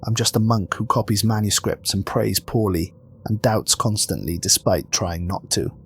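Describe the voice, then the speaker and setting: A man's voice: fairly low pitch, moderate pace, creaky, a little hiss or hum. A man voicing a humble young monk whose voice breaks as he speaks with self-doubt. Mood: overwhelmed.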